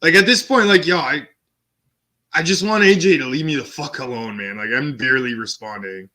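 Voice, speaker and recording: A young man streaming, telling a story and reading out text messages in a casual, profane, animated way. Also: on the high side, moderate pace. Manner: animated and profane, switching between quoting and commenting.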